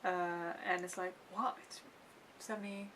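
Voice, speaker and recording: A woman with a bright, sharp voice chats about a film, emphatic and a touch halting. Faint background noise sits under her voice. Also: lowish voice, little pitch movement, rough recording. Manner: chatty, emphatic, slightly halting. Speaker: film review co-host. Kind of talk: casual chat.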